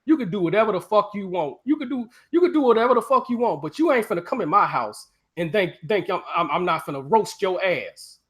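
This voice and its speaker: A man's voice: sits high, lively intonation, fairly quick, a bit bright. A man on a casual live stream, ranting profanely and taunting a viewer.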